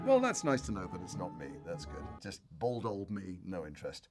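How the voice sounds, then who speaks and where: A man's voice: lowish voice, sing-song, fairly quick, vocal fry, hardly any pauses, a bit bright, faint music behind. A man, reading tweets aloud and reacting in a dry, sardonic, self-deprecating way; he says he is jet-lagged. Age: 60s. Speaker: celebrity guest reading tweets. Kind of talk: wry reading-and-reacting chat.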